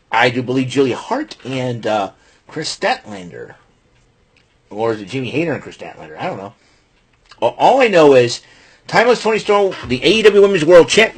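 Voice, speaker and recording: A man's voice: a little high, slightly rough. A man hosting a casual wrestling recap show, rambling and laughing at his own jokes. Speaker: podcast host.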